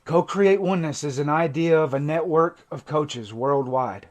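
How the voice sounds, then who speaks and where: A man who coaches people in recovery, giving an impassioned, emotional livestream monologue that swings from intense to hushed. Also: a little high, normal speed, hardly any pauses. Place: TikTok live stream.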